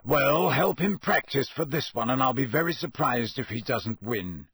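A man voicing a gruff, grizzled old male wizard in an audiobook, slow and growling with a husky voice. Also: mid-range voice, expressive, a bit bright, no echo. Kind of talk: audiobook character voice.

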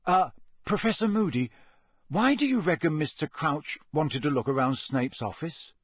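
A man's voice: on the high side, expressive, slightly rough, no echo, studio quality. A man voicing a nervous teenage boy who speaks weakly and hesitantly. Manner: hesitant and weak, with halting fillers. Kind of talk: audiobook character voice.

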